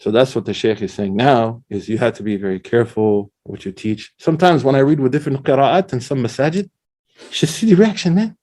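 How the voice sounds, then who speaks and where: Mellow-voiced man teaching religion casually. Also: mid-range voice, quick pace, hardly any pauses. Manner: animated storytelling with slang and Arabic quotations. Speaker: Islamic scholar and teacher.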